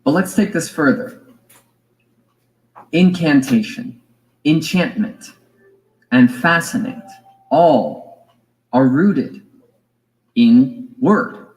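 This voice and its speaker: A man giving a reflective spiritual lecture, musing and deliberate, with fillers and small asides. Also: fairly high pitch, animated, poor audio. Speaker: spiritual teacher.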